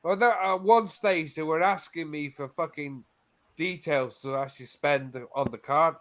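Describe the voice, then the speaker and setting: A man's voice: fairly high pitch, normal speed, fairly bright tone. A man telling a rambling story in casual chat, swearing constantly and restarting his sentences.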